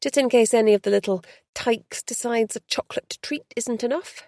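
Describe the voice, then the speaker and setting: A fussy, doting bookshop helper woman, lifting her voice brightly over the children, read by a woman narrator. Her voice is gravelly underneath and the recording is dry. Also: a little high, normal speed, no echo, pitched above the performer's own voice, lightly acted.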